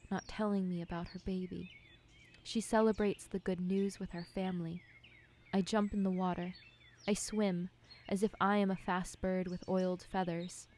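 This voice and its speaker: An American filmmaker narrates her own poetic, scripted work in a hushed, mellow voice on the lower side. She speaks slowly and deliberately, sometimes dropping to a whisper, with slight background noise.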